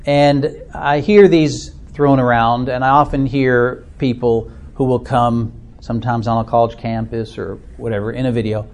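Chatting informally with a small church discussion group, this middle-aged man from Minnesota pokes fun at himself and leans on frequent fillers. He has an Upper Midwest American accent and a slightly mellow voice of medium pitch.

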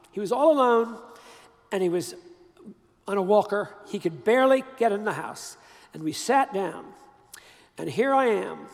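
An older man preaches in a high, gravelly voice, telling his story conversationally and leaning hard on key words. His voice rings out with a long reverb, as from a big hall. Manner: conversational, emphatic storytelling with pauses and restarts. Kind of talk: storytelling sermon.

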